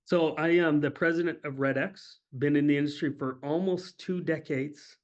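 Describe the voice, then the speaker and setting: A man guesting on a webinar talks in an easygoing, casual way and often agrees with the host. His voice sits a bit higher than most men's. The audio is muffled and lo-fi, as on a video call. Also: steady tone, normal speed. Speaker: guest, company president. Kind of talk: casual interview chat.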